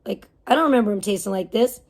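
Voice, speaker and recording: A woman's voice: medium pitch, fast, darkish tone. A woman livestreaming and reading her chat, ranting casually with heavy swearing, indignant and rambling. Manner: rambling with fillers and restarts.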